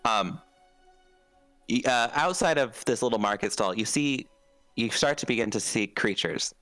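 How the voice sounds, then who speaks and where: A man's voice: medium pitch, expressive, moderate pace, pushed and bright, no room sound, soft background music. A man narrating a tabletop game as dungeon master, hesitant and full of fillers and restarts.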